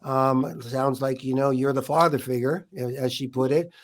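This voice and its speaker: A man's voice: mid-range voice, level tone, normal speed, slight background noise. A man hosting a casual interview over a video call, upbeat and chatty. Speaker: talk show host.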